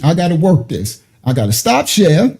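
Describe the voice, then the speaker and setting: Animated high-voiced man hosting a livestream. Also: moderate pace, gravelly. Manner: animated, chuckling, colloquial. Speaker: livestream host. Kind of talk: casual livestream commentary.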